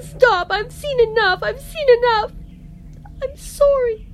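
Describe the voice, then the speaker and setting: A woman voicing a tormented woman haunted by her dead children, snarling low whispers and breaking into shrill, sobbing wails. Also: slow pace, a little hiss or hum. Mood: shrieking. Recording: music playing underneath.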